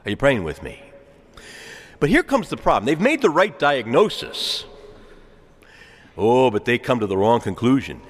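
A male preacher delivers a sermon in a big, reverberant church hall. His pitch moves a great deal, dropping to hushed lines before rising into loud calls to the congregation. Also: huge pitch swings, unhurried, pauses often. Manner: dramatic swings between hushed and loud calls, asks congregation to respond. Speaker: pastor.

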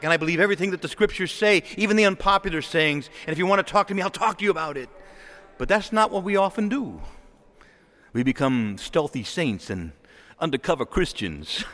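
A man, a Catholic priest, delivering a lively homily in church, acting out quoted voices and chuckling often. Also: fairly high pitch, long reverb tail.

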